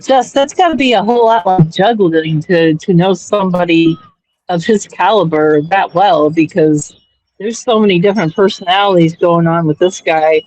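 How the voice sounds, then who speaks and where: A woman's voice: on the low side, moderate pace, darkish tone, no echo, low-quality recording. A woman host reacting with exclamations in a casual chat.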